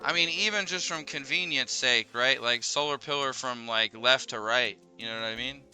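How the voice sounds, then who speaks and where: A man streaming a video game, talking through it casually and swinging into high, panicked yelps and swearing. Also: moderate pace. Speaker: gaming streamer. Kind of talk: live game commentary. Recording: game music loud behind voice. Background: game music.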